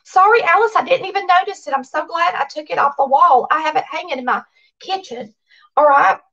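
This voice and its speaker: A Southern woman hosting a cooking channel, chatting casually and excitedly to her viewers as she reads their cards aloud. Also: sits high, a little fast, distant mic, muffled recording.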